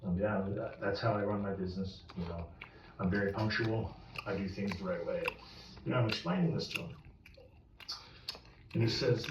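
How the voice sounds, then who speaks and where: A man telling the story of his bookmaking business in a casual, animated way, acting out the people he dealt with. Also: on the low side, highs cut off. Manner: animated, quotes himself and others in quick dialogue. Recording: echoey room, mic at a distance, noisy.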